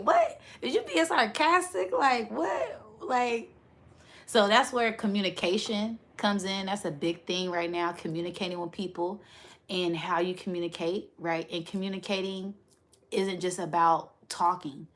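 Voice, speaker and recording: A woman hosting a spiritual livestream, talking casually and animatedly, laughing often and asking right after her points. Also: lowish voice.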